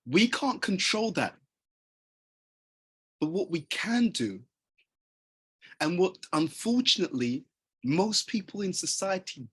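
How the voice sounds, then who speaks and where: A man's voice: sits high, breathy edge. A man giving a motivational talk in an earnest, conversational way, often putting questions to his listeners. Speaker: motivational speaker.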